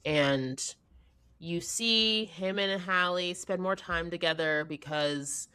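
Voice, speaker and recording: A woman's voice: fairly low pitch, takes it slowly, clear, resonant tone. Chatty woman co-hosting a movie podcast. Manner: lively retelling, acting out scenes with quoted voices. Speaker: podcast co-host. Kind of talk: casual movie review chat.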